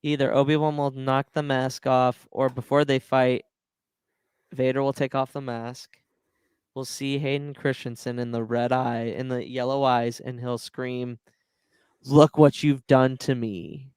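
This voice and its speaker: A man's voice: medium pitch, flat delivery, measured pace, clear, resonant tone, no echo. A man hosting a podcast, chatting with emotional, gushing enthusiasm. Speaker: podcast host. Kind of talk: casual chat.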